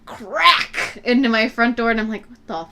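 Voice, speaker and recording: A young woman and college student co-hosting a casual podcast chat, telling stories in an animated way, swearing freely and acting out the people she quotes. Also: a little high, normal speed, background noise. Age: young adult. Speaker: podcast co-host.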